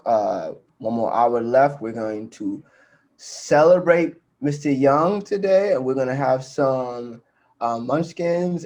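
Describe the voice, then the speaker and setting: A man's voice: medium pitch, darkish tone. Casual young man telling a story. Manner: loose, rambling storytelling with fillers. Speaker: podcast co-host.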